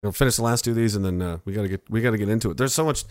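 A man's voice: fairly low pitch, very fast, dry recording. A young man doing a profane, sarcastic stand-up rant, acting out other people's voices. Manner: profane, sarcastic, acts out characters. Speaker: stand-up comedian.

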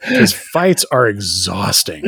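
A man co-hosting a podcast, casually recapping a TV episode, laughing often and acting out characters in quick voices. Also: on the low side, wildly swooping pitch, vocal fry, bright, forceful tone, breathy edge, no echo, studio quality. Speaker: podcast co-host.

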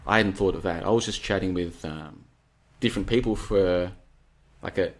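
A man's voice: low-pitched, normal speed. A man hosting a solo late-night talk show, chatting in a rambling, digressive way and reading out listener comments. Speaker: podcast host.

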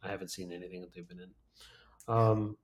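A man's voice: low-pitched, steady tone, brisk. A man co-hosting a casual movie podcast, rambling with lots of fillers and laughing as he talks. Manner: rambling, full of "like" and "um", laughs often. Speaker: podcast co-host. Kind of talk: casual chat reviewing movies.

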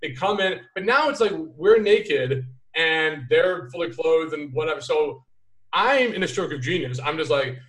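Animated man telling a story, off-mic. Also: fairly high pitch, normal speed, distant mic. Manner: animated, acts out quoted voices. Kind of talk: casual storytelling chat. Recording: roomy, a bit off-mic.

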